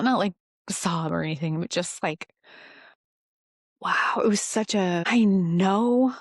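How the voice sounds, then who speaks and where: A woman giving a rambling, earnest faith testimony, self-deprecating and quick to laugh at herself. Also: mid-range voice, no echo, studio quality. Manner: halting restarts when emotional. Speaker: Christian devotional vlogger.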